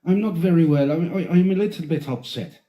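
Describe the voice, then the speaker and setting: A man putting on the voice of a pious Irish Catholic housekeeper woman with a fiery temper, in a put-on Irish accent, sweet and churchy but quick to snap into swearing. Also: a little high, warm tone, pitched above the performer's own voice, natural voice. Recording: roomy echo.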